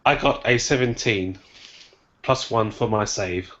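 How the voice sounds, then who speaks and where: A man taking part as a player in a tabletop game, in a lively way. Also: fairly low pitch, measured pace, lo-fi sound. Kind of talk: casual tabletop play.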